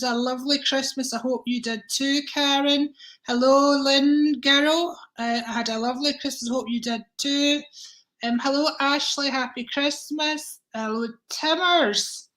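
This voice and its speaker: A woman hosting a live-stream card reading, chatty and warm with viewers, calling them darling, with a tickle in her throat. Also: high-pitched, poor audio. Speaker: psychic reader and livestream host.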